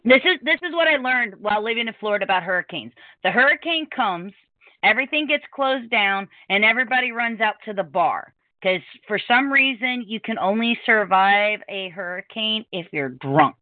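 A woman hosting a podcast in casual chat, talkative and quick to laugh as she tells stories. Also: medium pitch, expressive, dry recording. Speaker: podcast host. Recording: dry, tinny phone-like sound.

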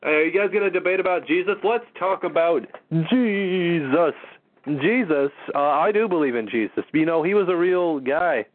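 A man's voice: on the high side, normal speed. A man hosting a casual call-in show, exasperated and mocking, swearing often. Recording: tinny phone-line audio.

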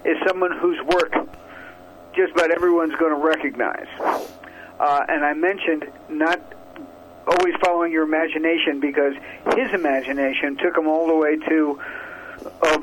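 A man who is a guest on a radio show, telling stories in a measured way. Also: on the high side, fairly even intonation, noisy background.

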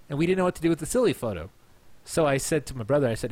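A man's voice: on the high side, animated, very fast, no room sound. A tipsy man hosting a podcast, telling a long story in a rambling way, repeating himself and restarting his phrases. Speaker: podcast host. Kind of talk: casual storytelling monologue.

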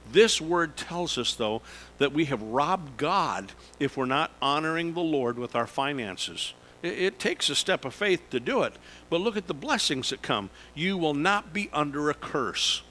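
A man, a pastor preaching a sermon in a slow, emphatic way with sudden lifts in pitch. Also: pushed and bright, a little hiss or hum, poor audio.

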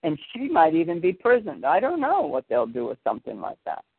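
A man's voice: fairly high pitch, huge pitch swings, brisk, creaky, slight background noise. A man hosting a podcast in a casual chat, telling a long story full of fillers and detours. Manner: meandering, with frequent fillers. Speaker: podcast host. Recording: tinny phone-line sound.

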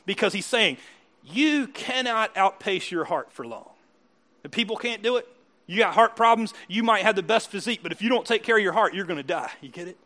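A man preaching a sermon in a conversational, animated way, often laughing and acting out quotes. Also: high voice, fast talker. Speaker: pastor.

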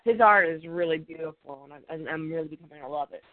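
A woman co-hosting a casual chat about comics, excitable and breaking into high squeals of glee. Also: quick pace. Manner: excitable, bursts into high squeals of glee when retelling reactions. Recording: tinny phone-like line.

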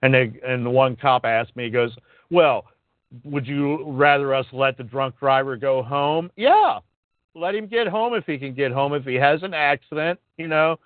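A man co-hosting talk radio, ranting with indignation and some swearing. His voice is mid-pitched and comes through a tinny, phone-like line. The sound is dry and close. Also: no room sound. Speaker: radio show co-host. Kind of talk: casual talk radio chat.

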